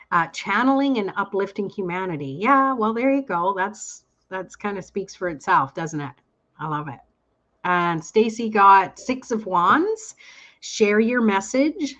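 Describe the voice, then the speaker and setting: A woman hosting a live online tarot reading, chatting warmly with viewers and reading their cards aloud. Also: mid-range voice, muffled recording. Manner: enthusiastic, reads cards aloud slowly. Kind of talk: casual live chat. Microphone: online call audio.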